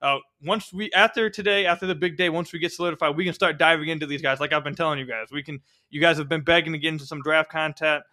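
A man hosting a casual sports podcast, talking fast and energetically and sometimes tripping over his words. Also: fairly high pitch, fairly even intonation, bright, forceful tone. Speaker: podcast host. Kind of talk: casual sports podcast chat and host-read ads.

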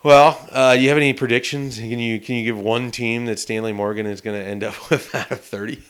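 A man's voice: mid-range voice, fairly even intonation, brisk, a bit bright, smooth. A man co-hosting a casual sports podcast, telling stories in an easygoing, rambling way. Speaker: sports reporter and co-host.

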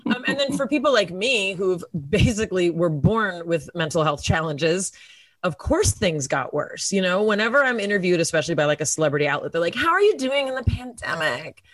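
A woman's voice: lowish voice, expressive, fairly quick, no echo. A woman guest in an interview, speaking candidly and with self-deprecating humor, laughing often and using lots of "like" and "you know". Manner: frequent "like" and "you know" fillers. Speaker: guest, actress and podcaster.

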